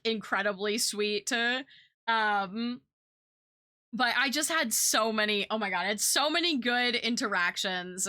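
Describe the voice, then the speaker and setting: A woman's voice: a little high, bright, forceful tone, no room sound, clean studio sound. A young woman streamer and artist chatting casually, rambling with lots of fillers and little laughs. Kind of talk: casual chat.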